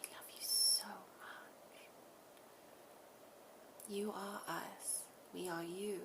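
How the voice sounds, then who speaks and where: A woman voicing a calm, loving collective spirit in a channeled message, speaking slowly and softly in half-whispers. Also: mid-range voice. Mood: tender, soothing. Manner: slow, soft, often half-whispered affirmations.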